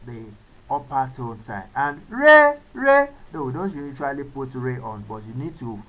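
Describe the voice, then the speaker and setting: A woman's voice: very deep voice, animated, normal speed, rough recording. A woman teaching a language lesson, repeating words and singing tone syllables for practice. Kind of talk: slow spoken language lesson.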